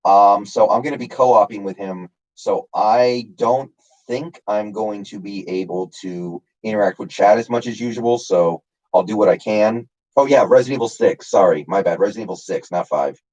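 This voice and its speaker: A man's voice: lowish voice, normal speed, darkish tone, muffled recording. A man casually chatting on his live stream, answering chat by name with lots of fillers. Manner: rambling, reads chat names, many fillers.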